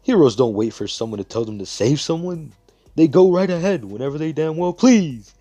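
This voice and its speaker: A man voicing a loud, excitable male exam announcer with a showy, hyped way of announcing. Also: on the low side, a little slow, husky, no echo, soft background music, heavily acted.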